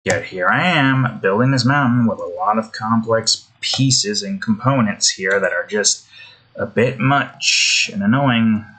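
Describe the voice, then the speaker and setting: A man's voice: lowish voice, a little slow, pushed and bright. A man giving rambling gameplay commentary while building in a game, interrupting himself often and swearing. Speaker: game content creator. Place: indoors.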